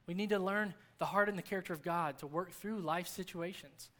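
A man's voice: high-pitched, a little fast, sharp tone. A man in his thirties preaching a sermon at a church service, talking conversationally and earnestly, repeating key phrases for emphasis. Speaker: pastor.

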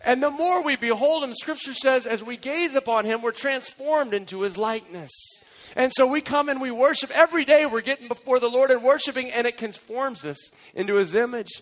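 High-voiced, energetic male preacher. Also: brisk, rough recording. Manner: energetic, emphatic preaching with playful storytelling. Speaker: pastor. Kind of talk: sermon.

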